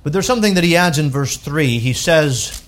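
Male pastor, high-pitched, emphatic sermon delivery with loud peaks and soft falls. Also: lively intonation, moderate pace. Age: adult with wife and children. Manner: emphatic preaching with wide swings from loud to hushed.

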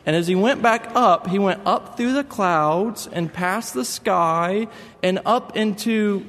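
Guy putting on a squeaky bossy four year old boy, insistent, big reverb. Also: takes it slowly, a bit bright, heavily acted. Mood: explaining. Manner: high, insistent, scolding.

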